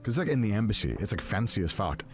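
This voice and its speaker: A man telling a story casually, excitable and self-mocking, with lots of fillers. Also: fairly low pitch, very fast. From Wales.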